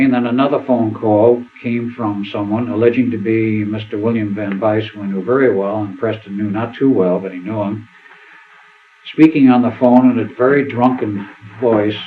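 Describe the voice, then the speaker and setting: An older man telling long anecdotes at a seminar in a rambling way, acting out the quotes. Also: on the low side. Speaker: seminar speaker. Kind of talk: storytelling talk at a seminar. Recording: tinny phone-like sound with faint hiss.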